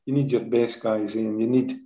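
Scottish man telling stories, mellow. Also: medium pitch, fairly quick, roomy sound, muffled recording. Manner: lively storyteller, tags sentences with "eh?". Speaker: former football manager. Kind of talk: anecdotal interview storytelling.

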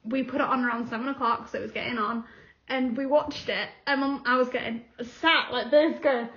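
A woman's voice: high-pitched, moderate pace, pushed and bright, highs cut off. A young woman co-hosting a podcast, telling stories in casual chat and acting out quotes with frequent laughter. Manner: chatty storytelling, acts out quotes, laughs often. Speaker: podcast co-host.

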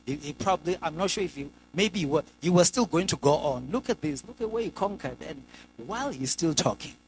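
A man preaching a sermon in a lively way, acting out the people in the scripture. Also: a little fast, slight background noise, low-quality recording. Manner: lively, acts out scripture characters with sudden pitch jumps.

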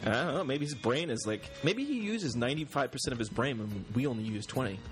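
A man's voice: medium pitch, lively intonation, fast. A man co-hosting a casual podcast who rambles along with plenty of fillers. Music plays faintly behind him. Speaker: podcast co-host. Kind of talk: casual banter.

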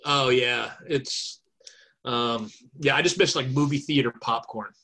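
A man's voice: mid-range voice, a little slow, pushed and bright, breathy edge. A man chatting on a podcast over a video call, talkative and thinking aloud with many fillers. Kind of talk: casual chat.

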